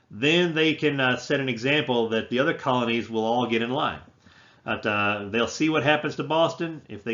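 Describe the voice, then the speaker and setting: A man's voice: medium pitch, a bit bright. A man teaching a history class, talking off the cuff with frequent restarts and fillers. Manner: unscripted, many restarts and "uh" fillers. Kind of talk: recorded history lecture. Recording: slightly dull lo-fi recording.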